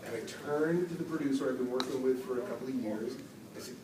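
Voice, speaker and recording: A man, a voice actor, telling lively stories at a convention Q&A and acting out the quotes. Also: mid-range voice, fast, crowd noise. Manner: animated storyteller, acts out quotes. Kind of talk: storytelling convention panel answer. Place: convention hall from afar. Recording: echoey hall, distant mic, background noise.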